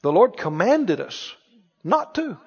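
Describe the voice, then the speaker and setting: Man, preacher, sermon, slow emphatic delivery, long hall reverb. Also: sits high, big pitch swings, breathy edge. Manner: emphatic, call-and-response leading. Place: church sanctuary. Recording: dull recording in a reverberant hall.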